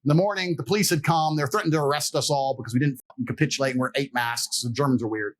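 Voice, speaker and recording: A man's voice: medium pitch, racing. A man telling stories as a podcast interview guest, blunt, profane and boastful, laughing as he goes. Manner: animated, laughs mid-story. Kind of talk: casual storytelling in a podcast interview.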